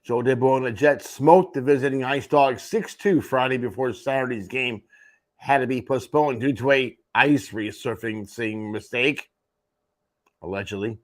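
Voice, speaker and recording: A man's voice: mid-range voice, normal speed. A man hosting a morning sports show, running through junior hockey standings with wry offhand asides. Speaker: host. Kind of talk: sports radio rundown.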